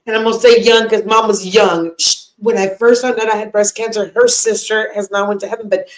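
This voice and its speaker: A woman's voice: mid-range voice, fairly even intonation, brisk. Effusive older woman host, echoey room. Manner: effusive, emotional, greets viewers by name. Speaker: podcast co-host. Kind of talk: casual live chat.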